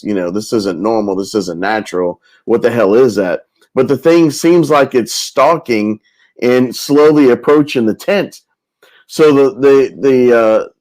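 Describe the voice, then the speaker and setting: A man's voice: mid-range voice, a little mellow, poor audio. A man hosting a round table, retelling a story at length, with many restarts and repeated words. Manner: rambling, with many restarts and repetitions.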